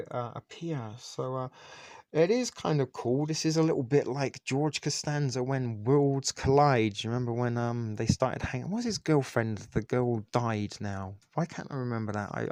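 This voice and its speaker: A man's voice: mid-range voice, a little mellow. A man hosting a casual live stream, rambling with lots of fillers and restarts. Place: Toronto.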